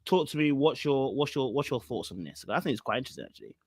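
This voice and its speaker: A man's voice: mid-range voice, sing-song, fast, dry recording, studio quality. A man hosting a casual podcast, rambling with lots of fillers and laughing as he reacts to a clip. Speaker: podcast host.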